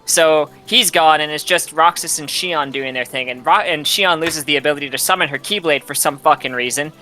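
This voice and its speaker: A man's voice: on the high side, brisk, bright, forceful tone, soft background music. A man casually retelling a game's story, rambling and swearing, often laughing. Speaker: host retelling a game's plot. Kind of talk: casual drunk chat.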